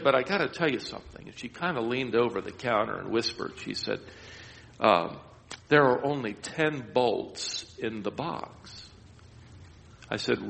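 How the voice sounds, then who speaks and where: A man with a medium-pitched voice, vocal fry, and a pushed, bright quality tells a long, self-deprecating personal story during a sermon. His manner rambles from anecdote to anecdote, and the recording has a long hall reverb.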